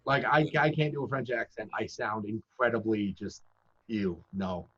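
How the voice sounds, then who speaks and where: A man's voice: mid-range voice, normal speed, background noise. A man who works as a professional dungeon master, giving casual, chatty, self-deprecating advice in conversation. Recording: dull lo-fi audio.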